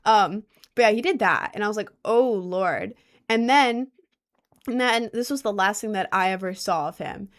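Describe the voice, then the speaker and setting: A young woman with a mid-range voice tells a casual story at a moderate pace, rambling and saying "like" a lot. She keeps stopping to apologize for oversharing.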